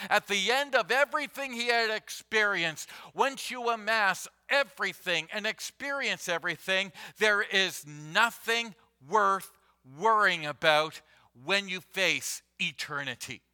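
A man preaching a Sunday sermon as pastor, deliberate and emphatic, repeating key phrases for weight. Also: high voice, lively intonation, bright, forceful tone, clean tone.

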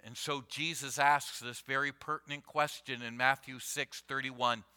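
A man preaching a Sunday sermon as pastor, deliberate and emphatic, repeating key phrases for weight. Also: mid-range voice, steady tone, sharp tone, smooth.

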